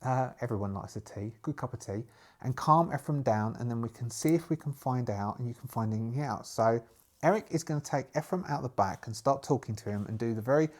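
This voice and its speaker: A man narrating a solo tabletop game, thinking aloud in a halting way as he rolls dice and draws cards. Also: mid-range voice, a little mellow.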